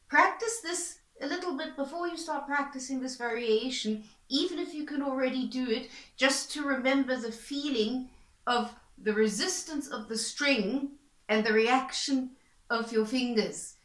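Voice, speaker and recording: Bright-voiced woman teaching violin, roomy sound. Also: high-pitched, a little slow. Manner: calm, patient, step-by-step coaching. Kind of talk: instructional explanation. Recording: echoey room. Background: violin playing between explanations.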